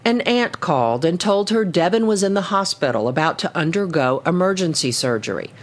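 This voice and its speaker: Low-voiced woman reporting the news. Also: expressive, a little fast, a little hiss or hum. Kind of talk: scripted news narration.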